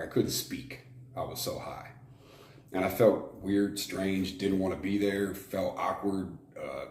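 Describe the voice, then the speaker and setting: Deep and darkish, this Arizona man's voice carries a frank interview about his life and his time as a prison shot caller. He meanders with fillers and restarts. The room is echoey, with faint background noise.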